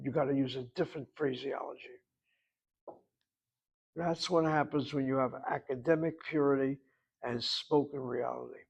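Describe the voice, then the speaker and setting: A man's voice: medium pitch, vocal fry, slightly rough, muffled recording. A man teaching a language class, patiently explaining at length and asking rhetorical questions. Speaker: Hebrew instructor.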